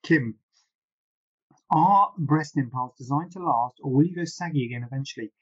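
A man with a slightly raised, husky voice answers viewer questions in a loose, chatty live stream. He rambles and drifts into self-deprecating asides. The sound is dull and lo-fi, like a low-grade live broadcast. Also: moderate pace. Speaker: plastic surgeon hosting a live Q&A.

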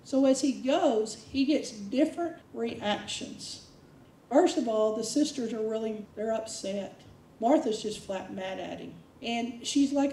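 A woman preacher delivering a sermon in a conversational, emphatic manner. Her voice is high and warm. It echoes through a roomy space from a distant mic. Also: expressive, a little slow. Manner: conversational, emphatic, acts out quotes.

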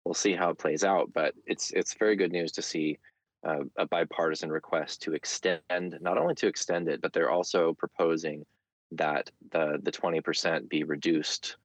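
A man's voice: deep voice, steady tone, moderate pace, no room sound. A man speaking as a guest in a conversational interview, thoughtful, with frequent fillers and restarts.

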